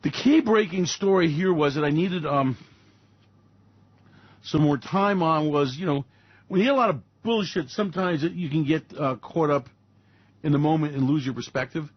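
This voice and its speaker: A man's voice: a little high, normal speed, husky, dry recording, muffled recording. A man hosting a radio show, rambling through satirical market commentary in a sarcastic way and slipping into mocking voices.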